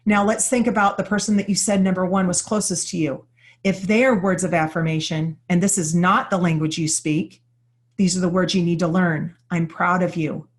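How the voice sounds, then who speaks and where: Earnest woman presenter, slightly low voice. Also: steady tone, brisk. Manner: earnest and openly personal; uses many everyday examples. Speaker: workshop presenter. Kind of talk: live workshop talk to an audience.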